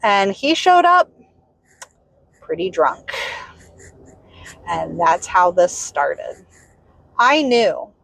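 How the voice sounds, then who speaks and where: A young woman with a Southern US accent telling a personal story in a candid, exasperated, animated way. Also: medium pitch, vocal fry, no room sound, poor audio. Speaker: vlogger. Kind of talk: casual storytelling. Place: in a vehicle.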